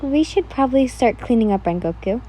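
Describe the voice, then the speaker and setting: A woman's voice: fairly high pitch, lively intonation, fairly quick, dark tone, breathy edge, rough recording. A woman voicing a brash, swearing young woman in a read-aloud fan fiction story. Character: young woman Yin, the brash listener character.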